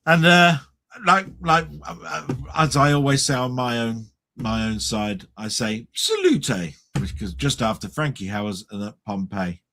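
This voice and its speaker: A man's voice: medium pitch, normal speed, pushed and bright. A man hosting a casual live stream, blunt and teasing, joking at his co-host's expense. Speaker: stream host.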